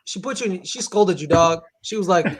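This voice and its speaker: A man on a podcast panel, teasing the others excitedly and hollering. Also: high-pitched, fairly quick, crowd noise. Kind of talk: casual chat.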